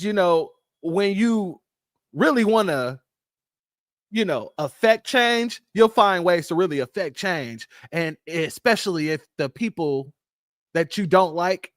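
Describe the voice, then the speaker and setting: A man's voice: on the high side, no room sound, clean studio sound. A man hosting a casual political commentary show, emphatic and talking straight to his viewers as family.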